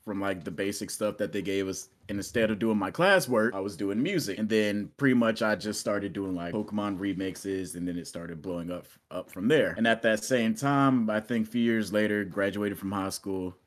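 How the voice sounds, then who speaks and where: A man's voice: fairly low pitch, normal speed, hardly any pauses. A young adult man, an army veteran and podcast guest, telling stories casually and acting out the exchanges he quotes. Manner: animated, acts out quoted exchanges. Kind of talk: casual storytelling.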